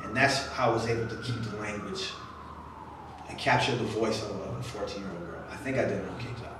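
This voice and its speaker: A man's voice: lowish voice, steady tone, a little fast. Chatty man in an echoey room. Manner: chatty, jokey, acts out quoted voices. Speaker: author speaking to young readers. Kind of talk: casual talk with audience Q&A. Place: event room at a literary center. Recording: very echoey room from far off, faint noise.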